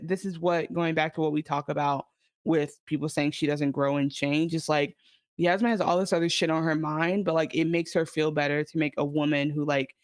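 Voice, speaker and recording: A woman's voice: sits low, dry recording. A woman co-hosting a casual podcast, discussing a TV episode in a chatty, thinking-aloud way. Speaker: podcast co-host. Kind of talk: casual TV recap chat.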